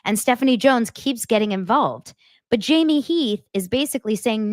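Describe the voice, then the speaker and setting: A woman hosting her own show, chatting casually as she reads out text messages and acts out the quoted lines with big jumps in pitch. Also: animated, normal speed, dry recording, studio quality. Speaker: host. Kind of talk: casual commentary reading texts aloud.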